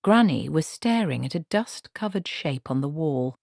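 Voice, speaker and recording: Low-voiced woman reading an audiobook. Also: lively intonation, moderate pace, vocal fry, hardly any pauses, a little mellow, no room sound, clean studio sound. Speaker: audiobook narrator. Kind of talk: scripted narration.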